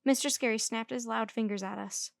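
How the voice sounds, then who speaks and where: A woman storyteller reading a children's book aloud in lively first-person narration. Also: fairly high pitch, a little fast, creaky, no room sound. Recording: dry close recording.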